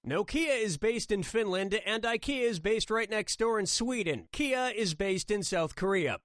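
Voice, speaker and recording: Brief: a sarcastic game show host, high and lively, with loud music behind. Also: male voice, moderate pace, no room sound, studio quality. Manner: snarky, mock-enthusiastic quips. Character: wisecracking sarcastic male trivia game host. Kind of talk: scripted game dialogue.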